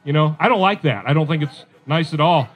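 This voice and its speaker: A man's voice: on the high side, a little fast. A middle-aged man performing a stand-up comedy set, conversational and self-deprecating, with chatty asides to the crowd.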